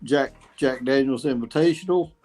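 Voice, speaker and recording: A man who competes in barbecue cook-offs, talking as a guest in a casual, halting, laid-back way. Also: medium pitch, darkish tone. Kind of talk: casual call-in chat.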